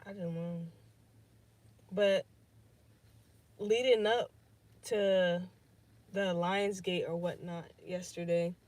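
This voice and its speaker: A woman's voice: lowish voice, fairly even intonation, slow pace, long pauses, a little mellow, no room sound. Rambling, profane young woman. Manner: rambling, profane, thinks aloud with many fillers. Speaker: podcast host. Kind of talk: casual livestream chat.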